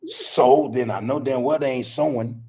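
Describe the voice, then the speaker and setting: With crowd noise behind him, an older podcast host speaks at medium pitch and normal speed. He laughs often as he tells stories, swearing casually in a relaxed chat.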